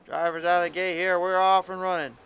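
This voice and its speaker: A man's voice: high voice, flat delivery, fairly bright tone, highs cut off, slight background noise. A man calling a sim racing event, reading the starting lineup and giving hyped play-by-play commentary. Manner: rapid hype announcer reading a long lineup, self-correcting.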